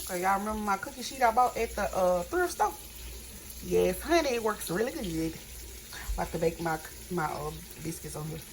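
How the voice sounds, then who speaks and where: A woman's voice: medium pitch, sing-song, fairly quick. Chatty woman cooking in a noisy kitchen. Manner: chatty, keeps addressing viewers as y'all. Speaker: home cook vlogger. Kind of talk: casual cooking vlog. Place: home kitchen with frying on the stove. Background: sizzling pan and running tap.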